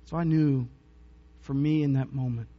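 At medium pitch and with fairly even intonation, a pastor preaches at a moderate pace, chuckling often as he jokes and recounts personal stories in a conversational manner. The recording has long reverb and a dull, muffled character.

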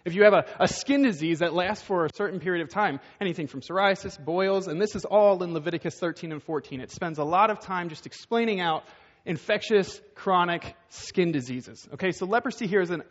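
A high-voiced man preaches a relaxed, conversational sermon full of rhetorical questions. His voice has a long hall echo, and the sound is dull and muffled.

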